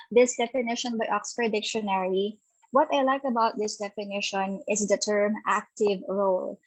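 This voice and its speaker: A woman with a Filipino accent, her voice sitting a bit high, leads an interactive online webinar. She reads participants' answers aloud and affirms each with a quick "okay" or "ayan". The sound is close and dry, with no room echo. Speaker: webinar speaker on self-care.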